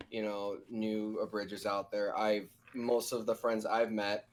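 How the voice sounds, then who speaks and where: A man's voice: fairly low pitch, a little hiss or hum. A man who voice-directs abridged series, talking thoughtfully in a casual podcast chat with many restarts.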